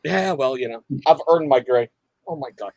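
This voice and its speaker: He's the host of a relaxed veterans' discussion panel, firing off questions and teasing banter with deadpan jokes. His mid-range voice is animated and darkish, at a normal speed, with no echo.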